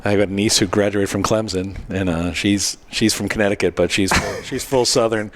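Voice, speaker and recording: A man's voice: on the low side, steady tone, normal speed, noisy background. A man from New England with a New England accent, hosting a podcast in a chatty, anecdotal way. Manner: chatty, anecdotal, asks leading questions. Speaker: podcast host. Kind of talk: casual interview hosting.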